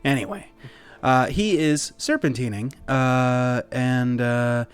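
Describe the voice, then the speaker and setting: Casual game master, mid-pitched man. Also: slow pace, smooth, faint music behind. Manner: casual, many fillers, swears. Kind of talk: narrating a tabletop game.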